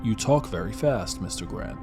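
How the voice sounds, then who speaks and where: A man voicing a brawny, easygoing Jamaican driver who talks in a relaxed, drawling way with a Jamaican accent. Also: lowish voice, moderate pace, over music, natural voice.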